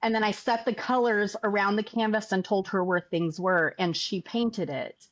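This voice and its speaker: Animated woman telling a story, lo-fi. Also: medium pitch, moderate pace. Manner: animated, acts out quoted dialogue. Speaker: podcast guest, artist. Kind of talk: casual interview storytelling. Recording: dull lo-fi audio.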